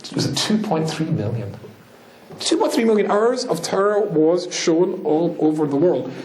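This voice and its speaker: Scottish rabbi man talking to a crowd, jokey, pitch jumping all over, echoey hall. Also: very animated, unhurried, darkish tone, slight background noise. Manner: joking, teasing the audience, laughing often. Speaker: rabbi giving a talk. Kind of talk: lively talk to a live audience.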